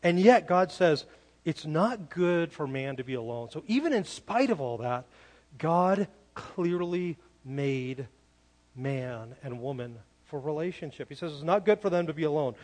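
A man's voice: fairly high pitch, lively intonation, a little slow, darkish tone. A male pastor delivers a sermon in a church, his slightly raised voice carrying a long hall reverb. He speaks earnestly and emphatically, circling back and restarting phrases as he presses each point home.

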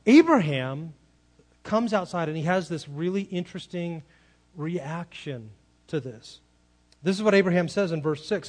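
A man's voice: on the high side, darkish tone. A man preaching a sermon in a conversational way, asking rhetorical questions and acting out quoted lines. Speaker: pastor.

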